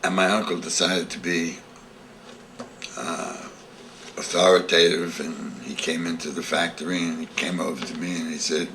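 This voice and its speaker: Deep-voiced older man telling a story. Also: flat delivery, normal speed, a bit bright, far from the mic, a little hiss or hum. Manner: vivid storyteller, acting out scenes. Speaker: interviewee. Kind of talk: storytelling reminiscence.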